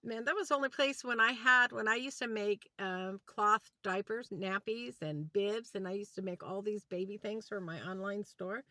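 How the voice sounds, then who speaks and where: Sitting inside a van, a woman vlogger rants through a storytime, animatedly acting out both sides of a conversation with quoted dialogue. Her mid-range voice moves at normal speed with few pauses, and the recording is dry.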